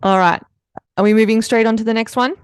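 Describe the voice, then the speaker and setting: A woman's voice: fairly high pitch, fairly even intonation, fast talker, clear, resonant tone, no room sound. Chatty woman podcast co-host, dry sound. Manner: chatty, laughs often, sets up a quiz game. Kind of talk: casual chat.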